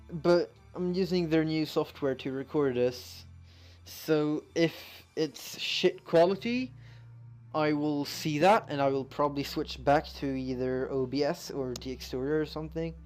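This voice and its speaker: A man's voice: on the high side, unhurried, darkish tone, smooth. A young man casually talking through a strategy game as its channel host, reading tutorial text aloud and rambling with self-mocking asides and lots of ums. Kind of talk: casual let's-play commentary, reading on-screen text aloud. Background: game music.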